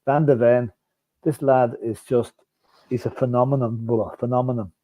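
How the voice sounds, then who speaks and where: A man's voice: medium pitch, steady tone, moderate pace, dark tone. A man co-hosting a fan podcast, giving opinionated player ratings. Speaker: podcast co-host, football pundit. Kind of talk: casual fan podcast chat. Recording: tinny phone-like line.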